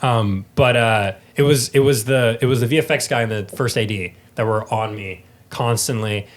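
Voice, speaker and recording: A man, a guest actor, telling a story in casual chat, animated and swearing often. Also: mid-range voice, moderate pace. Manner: animated, swears often, acts out quoted dialogue.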